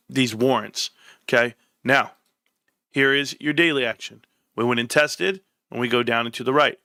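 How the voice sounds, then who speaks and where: A man's voice: medium pitch, creaky, sharp tone, no echo, clean studio sound. A man hosting a livestream, casually talking viewers through stock charts and correcting himself as he goes. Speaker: livestream host. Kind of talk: casual market commentary.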